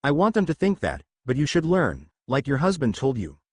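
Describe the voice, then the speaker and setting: A man reading the lines of a stern, seasoned male viking commander in a measured, instructive way, as storybook narration. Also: on the high side, wildly swooping pitch, breathy edge, no room sound, studio quality, exaggerated voice. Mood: firm.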